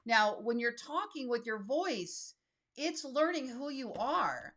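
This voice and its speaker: A woman's voice: on the high side, animated, normal speed, a bit bright. A woman in her fifties talking casually and directly through a tutorial, reading text aloud as she types. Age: 50s. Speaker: solo creator and YouTube host. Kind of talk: casual screen-share tutorial.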